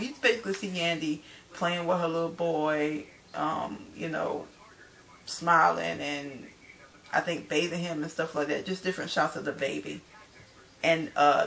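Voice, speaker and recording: A woman's voice: fairly low pitch, gravelly, a bit bright. A woman casually recapping a TV episode to her viewers, chatty and loose, calling them y'all. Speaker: TV show recapper.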